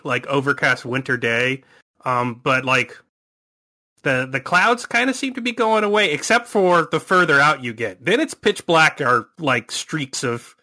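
Male game master, bright voice, rambling hesitant narration. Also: fairly high pitch. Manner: rambling, hesitant descriptions with many fillers. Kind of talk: narrating a tabletop horror game.

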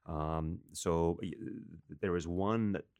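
A man, a chef guest on a radio show, speaking in a measured way. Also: deep voice, darkish tone, clean tone, no room sound, studio quality. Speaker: chef and TV judge, studio guest. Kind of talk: casual radio chat. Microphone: studio microphone.

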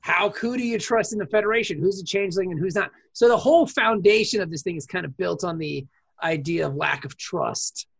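Gravelly, husky woman chatting casually. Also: on the low side, fairly quick. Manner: relaxed, rambling, thinking aloud. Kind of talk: casual chat.

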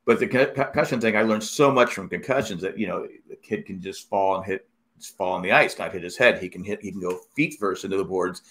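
A middle-aged man in casual chat, telling rambling, animated stories with many restarts. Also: low-pitched, fairly quick.

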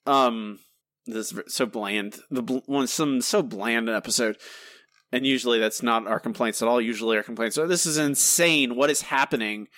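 A man co-hosting a casual podcast, arguing his points with animated energy and frequent restarts. His voice sits at an ordinary middle pitch. The recording is dry and close. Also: moderate pace, no echo. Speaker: podcast co-host.

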